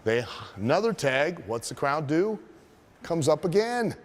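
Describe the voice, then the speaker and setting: A man who is a wrestling trainer telling a story as a lesson, profane and animated, asking his listeners rhetorical questions. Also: on the high side, a little slow.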